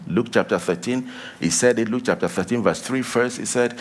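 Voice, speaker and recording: A male preacher delivering a sermon, emphatic, repeating key lines and dropping to a low hush for warnings. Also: animated, normal speed.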